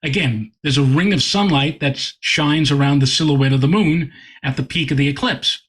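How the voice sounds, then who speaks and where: Astronomer guest, male, husky slightly high voice, animated storyteller. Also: normal speed. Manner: animated, repeats words while telling a story. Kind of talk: anecdotal storytelling in interview.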